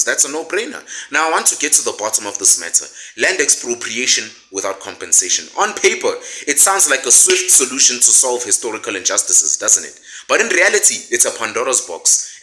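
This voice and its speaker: A man reads sharp political commentary in a very bright, forceful voice. His pitch swings widely as he piles on sarcastic rhetorical questions with indignation. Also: low-quality recording. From South Africa.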